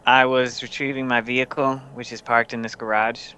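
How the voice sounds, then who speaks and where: A man role-playing his tabletop character in stiff, overly formal speech. His voice is bright, smooth and clear. The delivery is measured and proper. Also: mid-range voice, little pitch movement. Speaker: tabletop game player.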